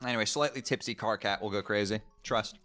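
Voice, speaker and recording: A man's voice: fairly low pitch, fairly quick, sharp tone, soft background music. A young man streaming, chatting casually and joking between readings.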